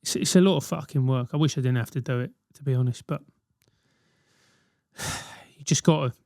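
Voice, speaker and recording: A man's voice: mid-range voice, fairly quick, gravelly, darkish tone, no room sound, studio quality. A man in his forties hosting a solo podcast, ranting animatedly with swearing and mock voices. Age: 40s. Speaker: podcast host.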